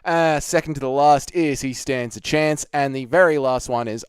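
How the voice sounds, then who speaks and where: A man's voice: medium pitch, moderate pace, clear, resonant tone, dry recording. A young man hosting a casual live stream, chatting and reading out viewer comments with plenty of swearing. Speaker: livestream host.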